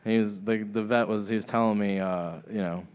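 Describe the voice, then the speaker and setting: A man's voice: on the low side, steady tone, a little fast, darkish tone, clear, resonant tone. A young man doing a stand-up set in a comedy club, often laughing at his own jokes.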